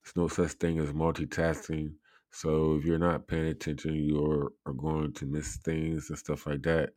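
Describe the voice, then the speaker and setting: A man's voice: rumbling low, flat delivery, moderate pace, darkish tone, dry recording, studio quality. A man hosting a casual live show, rambling and chatty, laughing often between his words and leaning on lots of fillers. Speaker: show host.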